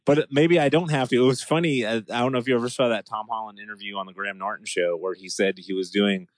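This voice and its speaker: A man's voice: fairly low pitch, fast talker, no echo. A man co-hosting a casual podcast chat, talking animatedly and acting out what people said. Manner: animated, acts out quoted lines. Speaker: podcast co-host.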